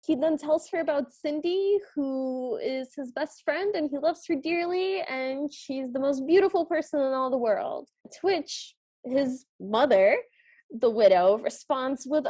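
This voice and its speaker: A woman's voice: high voice, measured pace, mellow. A woman co-hosting a podcast, chatting casually as she recaps a film and acts out lines from it. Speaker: podcast co-host. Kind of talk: casual movie recap chat.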